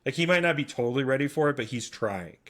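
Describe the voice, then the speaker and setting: A man's voice: medium pitch, animated, fast, fairly bright tone. A man in his thirties, a podcast co-host, chatting casually and rambling through stories with acted-out quotes. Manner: rambling storyteller, acts out quoted voices. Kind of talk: casual chat.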